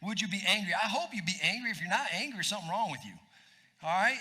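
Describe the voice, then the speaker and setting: A pastor preaches in church with a high, lively male voice. His tone is very bright and cutting, and he talks conversationally, throwing quick asides to the congregation. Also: breathy edge. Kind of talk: sermon.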